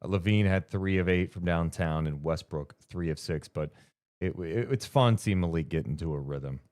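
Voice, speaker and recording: A man's voice: low voice, moderate pace, darkish tone. A man co-hosting a casual basketball podcast, reading out stat lines and running a playful guessing game. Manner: runs through stats conversationally, playful quiz host. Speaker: podcast co-host. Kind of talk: casual sports podcast chat.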